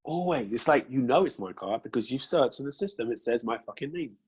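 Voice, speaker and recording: Fast-talking husky young man. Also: medium pitch. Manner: animated storytelling, acts out police exchanges. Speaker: podcast host. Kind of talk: casual chat.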